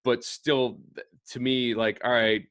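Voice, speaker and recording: A man's voice: medium pitch, flat delivery, measured pace, fairly bright tone, lo-fi sound. A man co-hosting a podcast, asking questions about faith in a thoughtful, searching way. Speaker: podcast co-host. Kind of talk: casual faith talk.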